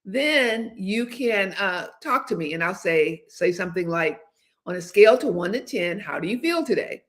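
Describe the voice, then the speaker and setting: A woman's voice: mid-range voice, expressive, moderate pace. A woman in her seventies, hosting a livestream and chatting candidly in a rambling way, with many fillers and restarts. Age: 70s. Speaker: host. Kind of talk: casual livestream chat.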